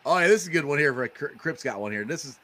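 A man's voice: fairly high pitch, animated, rapid-fire, pushed and bright. A man hosting a casual interview, laughing often and stumbling over repeated words. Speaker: podcast host.

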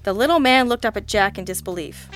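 A woman's voice: mid-range voice, fast talker, soft background music. Sardonic woman narrating an audiobook. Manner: sardonic, deadpan. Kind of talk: first-person scripted narration.

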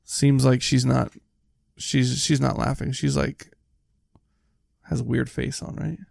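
A man's voice: medium pitch, flat delivery, slow pace, gravelly, darkish tone, no room sound, studio quality. A man in a casual chat about a movie, wryly questioning small details. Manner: questioning, wry, picks at details. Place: indoor room near a heater.

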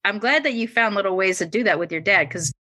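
Young woman guest, bright sharp voice, frank and easy laugh. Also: medium pitch, expressive, quick pace, no room sound. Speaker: podcast guest. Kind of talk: casual chat.

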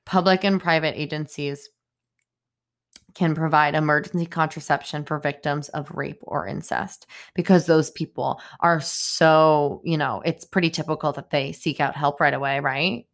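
A woman's voice: deep voice, steady tone, normal speed. A young woman hosting a solo podcast, rambling stream-of-consciousness style with many fillers, upset and indignant as she talks. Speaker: podcast host. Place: home in Boston.

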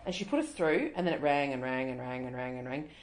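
A woman's voice: a bass voice, animated, fast talker, a little hiss or hum. A middle-aged Australian woman co-hosting a casual chat, ranting in exasperation and swearing freely. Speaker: podcast co-host.

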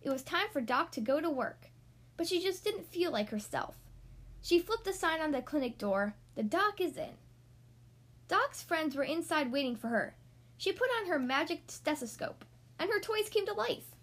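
A woman hosting a podcast, reading a picture book aloud to young kids in a gentle, friendly way. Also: sits high, big pitch swings, moderate pace. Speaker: children's book reader, podcast host.

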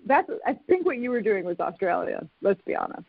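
A podcast host in casual conversation, talking haltingly with many fillers and restarts. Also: mid-range voice, big pitch swings, creaky, no room sound. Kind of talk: casual conversation over a call. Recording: tinny phone-like line, dry.

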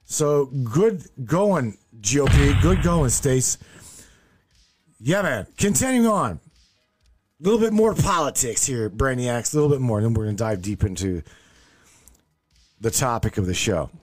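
A man's voice: mid-range voice, lively intonation, unhurried, pauses often, breathy edge, soft background music. A man hosting a podcast, reading the news aloud in a profane, sarcastic, rambling way. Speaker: podcast host. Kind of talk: casual news commentary.

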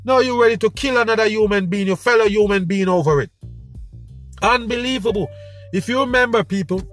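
A man hosting his own show, telling a story in an animated, preachy way with street slang. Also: sits high, fairly quick, faint music behind. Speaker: podcast host. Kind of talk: casual monologue.

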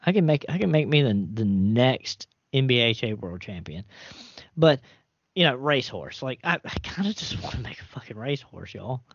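Male podcast host, loose rambling chatter, lively swooping pitch, dull dry recording. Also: normal speed, no echo. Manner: rambling, animated storyteller with restarts and cursing. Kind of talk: casual chat.

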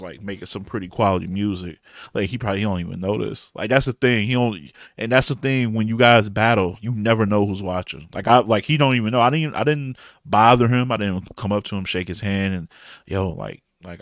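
Man, Detroit accent, middle-aged, low voice, dry close sound, rambling slangy recap. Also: a little fast, no room sound. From Detroit, USA. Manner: loose, rambling, slangy, frequent fillers. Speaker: battle rap reviewer. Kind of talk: casual recap monologue.

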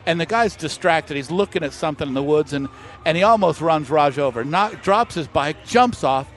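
A man's voice: fairly high pitch, normal speed. A middle-aged man, a master distiller, telling anecdotes in a casual interview and acting out the people in them. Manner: animated anecdote-teller who acts out quoted voices.

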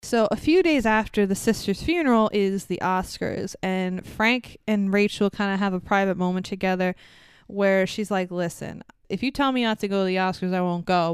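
A woman with a strikingly clear, smooth voice talks through a film's plot in casual podcast chat. She is animated, swears freely and slips into the characters' lines as she goes. The sound is close and dry. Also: on the low side, no echo. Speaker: podcast co-host. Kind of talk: casual movie recap chat.

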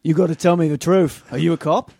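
A man's voice: on the high side, steady tone, quick pace, creaky, mellow, slightly rough, dry recording, clean studio sound. A man playing a crude, nosy neighbor, blustery and defensive. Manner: blustery, defensive, says "mate" and "eh". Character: pushy Aussie-ish neighbor bloke named Tony, crude and nosy.

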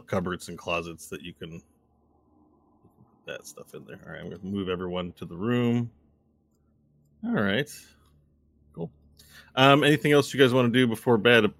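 A man narrating a tabletop fantasy game as game master in a relaxed, conversational way. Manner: relaxed, conversational, low-key.

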